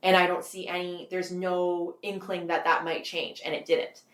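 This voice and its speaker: A woman's voice: fairly low pitch, flat delivery, moderate pace, fairly bright tone, echoey room. A Canadian woman in her twenties, a guest author in a casual interview, rambling and filling her talk with "like". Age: 20s. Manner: rambling, heavy use of "like", frequent laughs.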